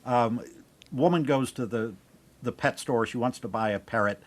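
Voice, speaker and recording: A man's voice: mid-range voice, moderate pace. A man co-hosting a podcast, telling a history anecdote and a joke in casual chat. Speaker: podcast co-host.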